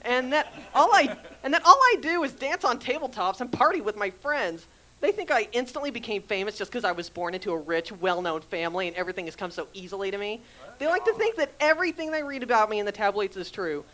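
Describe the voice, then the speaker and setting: A woman's voice: medium pitch, animated, quick pace, sharp tone, low-quality recording. Woman putting on a sultry socialite heiress. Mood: mock-sultry. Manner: mock-sultry, airy. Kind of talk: comic live reading.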